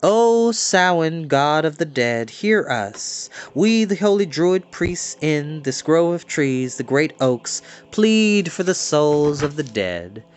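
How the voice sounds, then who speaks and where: Solemn male druid priests chanting a prayer in a storybook reading, as a man puts them on. The voice is slow and measured, lifted a little above the reader's own, with a wide, sing-song rise and fall. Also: on the high side, very animated, no room sound.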